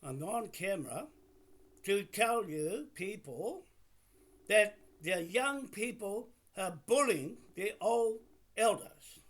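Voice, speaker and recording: An older man with a New Zealand accent, talking on camera and arguing insistently over the phone, pausing on fillers when calm. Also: high voice. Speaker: vlogger speaking on camera. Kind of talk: phone argument recorded on camera.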